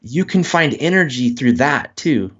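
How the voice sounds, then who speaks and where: A man's voice: medium pitch, measured pace, slightly rough, lo-fi sound. A man, a guest author, speaking in a casual interview and acting out quoted voices as he talks. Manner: animated, acts out quoted voices.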